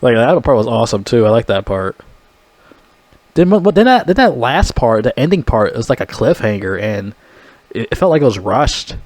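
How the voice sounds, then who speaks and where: A man's voice: medium pitch, sing-song, normal speed, a little mellow, dry recording. Rambling, foul-mouthed man reviewing a movie. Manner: rambling, heavily profane, blunt.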